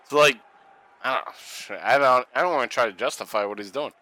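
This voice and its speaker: A man co-hosting a casual watch-along podcast, joking, profane and excitable. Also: mid-range voice, a little fast, low-quality recording. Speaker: podcast co-host.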